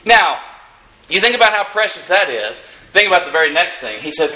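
Pastor, male, high bright voice, folksy sermon style with wry asides, roomy church sound. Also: very animated, fairly quick. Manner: folksy preaching with dry humorous asides; rises in emphasis on key lines. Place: church sanctuary. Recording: echoey room. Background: congregation calling out amens.

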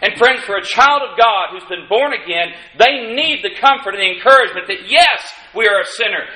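A man preaches in a high, bright tone, folksy and wry, leaning hard into the lines he wants to land. The congregation calls back to him. His voice rings around a reverberant church. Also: animated, brisk. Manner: folksy preaching with dry humorous asides; rises in emphasis on key lines. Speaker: pastor. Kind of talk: sermon. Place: church sanctuary. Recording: echoey room. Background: congregation calling out amens.

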